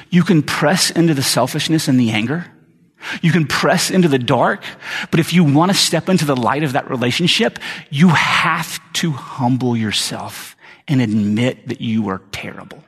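A man's voice: mid-range voice, fairly quick, slightly rough, long reverb tail. A middle-aged male pastor giving an earnest, conversational sermon with frequent restarts.

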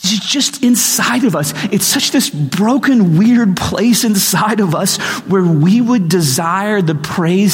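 A man preaching a sermon as pastor, telling stories with animated acted-out voices. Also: high-pitched, slow pace, hardly any pauses. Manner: animated storytelling, acts out quoted voices. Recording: reverberant hall recording.

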